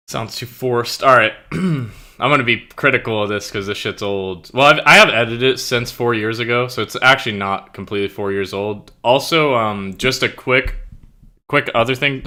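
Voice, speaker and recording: A man's voice: medium pitch, bright, forceful tone. A young man talking casually to his stream chat, rambling, swearing and hunting for words. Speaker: streamer and writer.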